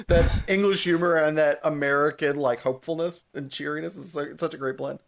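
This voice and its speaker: A young man, a podcast co-host, retelling a TV episode in casual chat, animated, laughing and swearing freely. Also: a little high, brisk.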